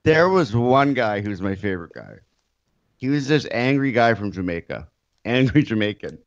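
A man's voice: fairly low pitch, sing-song, moderate pace, dry recording. A man co-hosting a podcast, telling rambling stories in casual chat with crude jokes. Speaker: podcast co-host. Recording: dry, dull lo-fi sound.

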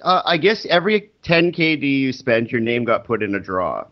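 Guy teacher telling a story super animated, doing the other people's voices, casual chat. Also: mid-range voice, moderate pace, dull audio. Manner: animated, acts out quoted people with swearing.

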